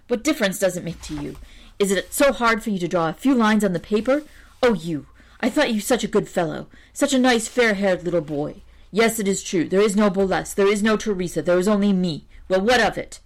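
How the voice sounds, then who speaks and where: A woman's voice: mid-range voice, lively intonation, a little fast, lightly acted. A woman reading the part of a lonely poor woman who insists in an offended, pleading way. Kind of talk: audiobook reading.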